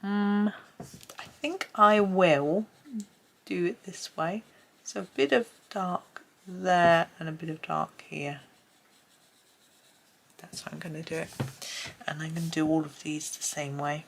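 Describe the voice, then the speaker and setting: A woman's voice: on the low side, slow pace, creaky, pauses often, a bit bright. A woman with a mild British accent, chatting in a rambling way as she colours at her desk at home. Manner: rambling, chatty, many ums and restarts. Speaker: colouring channel host. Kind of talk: casual chat while colouring.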